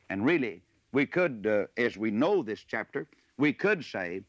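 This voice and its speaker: A man's voice: medium pitch, very animated, normal speed, hardly any pauses, dry recording. Folksy preacher man with a soaring voice. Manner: folksy asides that swell into loud preaching on scripture. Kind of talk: sermon. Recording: dull lo-fi recording.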